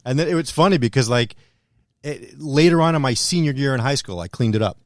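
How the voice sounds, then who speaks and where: A man chatting loosely on a podcast, teasing his co-hosts. His pitch swings widely as he talks. The sound is dry and close. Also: brisk, no room sound. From Long Island. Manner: animated, teasing. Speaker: podcast co-host. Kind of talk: casual chat.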